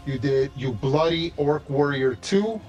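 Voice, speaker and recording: A man's voice: fairly high pitch, a little slow, darkish tone, dull audio, soft background music. A man narrating and running a tabletop game as game master, talking casually with many restarts.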